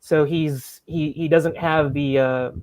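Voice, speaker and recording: High-voiced chatty male podcast host. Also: fairly even intonation, slow, a little mellow, dry recording. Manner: chatty, eager questions, laughs often. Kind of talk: casual chat.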